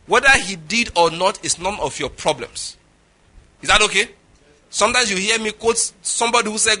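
A Nigerian pastor preaches a sermon full of humorous stories, acting out conversations and dialogue and laughing often. His voice is high with lively intonation, a fairly quick pace, and a sharp tone.

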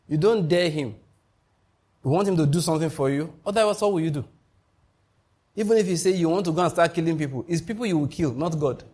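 A man preaching a sermon, emphatic and rising in pitch to drive his points home, often checking that his congregation is following him. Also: fast, a little mellow, slightly rough. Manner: asks the congregation to repeat and confirm. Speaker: pastor.

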